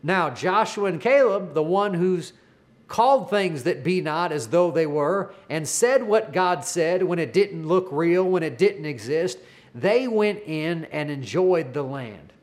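Male preacher, slightly high voice, earnest storytelling sermon with stumbling repeats. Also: expressive, unhurried.

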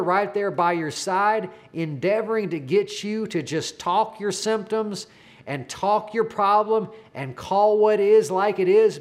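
A man preaching a sermon, telling a story earnestly and often repeating his words. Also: high-pitched.

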